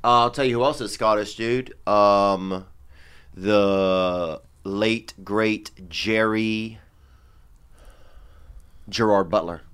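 A man's voice: fairly low pitch, steady tone, very slow, pauses often, a bit bright, smooth. A man co-hosting a comedy podcast, joking around in loose casual banter and saying dude and bro a lot. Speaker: podcast co-host.

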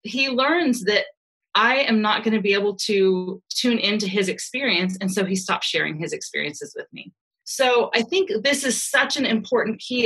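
A woman's voice: medium pitch, fairly bright tone, husky, rough recording. A middle-aged woman, a parenting expert guest on a podcast, explaining earnestly and laughing lightly now and then.

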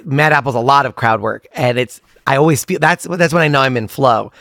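A man, a comedian and emcee, talking in a quick, animated, joking way in a casual conversation. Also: mid-range voice, creaky, dry recording.

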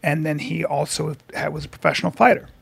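A man with a very gravelly, rough voice that sits a little high for a man. He co-hosts a podcast and tells stories in loose, casual chat, acting out the people he quotes. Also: steady tone, fast, fairly bright tone. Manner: storytelling, acts out quoted people. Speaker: podcast co-host.

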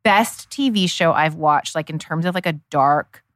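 A woman's voice: sits low, moderate pace, a bit bright, no echo, clean studio sound. A middle-aged woman co-hosting a podcast in casual chat, enthusiastic and chatty, talking straight to listeners. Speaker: podcast co-host.

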